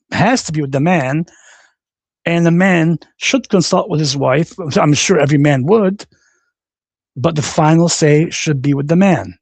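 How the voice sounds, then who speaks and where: Swearing frequently, a livestream host rants on his own in a combative, repetitive manner. The recording is dry, and his fairly high-pitched voice has a darkish color.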